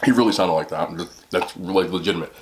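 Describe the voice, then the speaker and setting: A man's voice: sits low, fast talker, background noise. A man hosting an eating show, rambling casually with lots of "like" and "you know". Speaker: mukbang host. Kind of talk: casual chat while eating.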